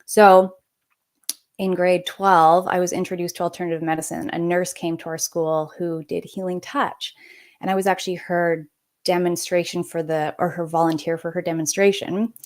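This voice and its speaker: Woman in her forties telling a lively story. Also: fairly low pitch, normal speed. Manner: lively, conversational, acts out quoted people. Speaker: podcast guest, naturopathic doctor. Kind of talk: personal storytelling in a podcast interview.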